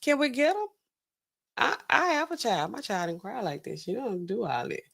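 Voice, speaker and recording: A woman hosting a casual livestream, reacting to news clips and talking straight to her chat in relaxed slangy speech. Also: medium pitch, fairly quick, gravelly, breathy edge. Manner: chatty and animated, talking straight to chat viewers; relaxed slangy speech with frequent filler words.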